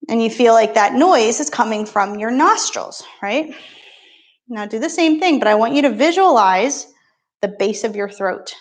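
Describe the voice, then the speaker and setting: A woman's voice: a little high, expressive, normal speed. A woman yoga instructor talking a beginner class through poses and breathing, with encouraging, playful step-by-step cues.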